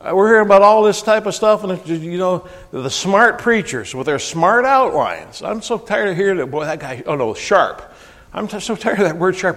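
A man's voice: sits high, lively intonation, fairly quick. Emphatic preacher man in a reverberant hall. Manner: emphatic, rises to near-shouting on scripture; folksy, with frequent restarts and asides. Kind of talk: sermon.

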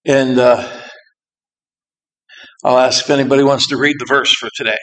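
A man talks to a congregation about his prison ministry work. His delivery is plainspoken and rambling, full of side remarks and pauses as he collects his thoughts. His voice sits at a middle pitch for a man. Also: steady tone, fairly bright tone, rough recording. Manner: halting, with frequent pauses. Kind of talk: informal church talk to a congregation.

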